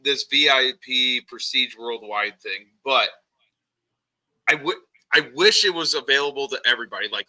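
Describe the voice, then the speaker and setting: A man's voice: medium pitch, moderate pace, sharp tone, poor audio. A man co-hosting a casual podcast, telling crude, joking stories. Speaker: podcast co-host. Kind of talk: casual chat.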